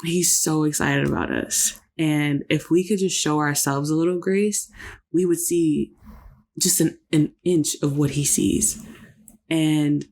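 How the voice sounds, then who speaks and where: Woman co-host, warm storytelling tone, reflective and sincere, casual podcast chat. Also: deep voice, fairly even intonation, slow. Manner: reflective, faith-filled storytelling.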